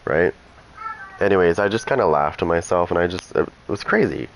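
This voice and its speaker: A man's voice: low voice, fairly quick, vocal fry, a little hiss or hum, low-quality recording. A man who runs a gaming channel, chatting casually and rambling through asides while he plays. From Canada. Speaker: gaming streamer. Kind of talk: casual chat over gameplay.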